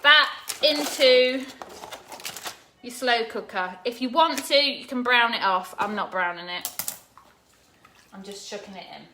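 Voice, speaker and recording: A woman with a fairly high voice chats her way through a live cooking stream, practical and friendly with her viewers. She talks into a phone propped on the counter of a home kitchen, with household noise clearly audible behind her. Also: a little slow, pauses often, bright, forceful tone. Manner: chatty, practical, greets viewers by name. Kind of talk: casual live cooking chat. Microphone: phone camera propped on the counter.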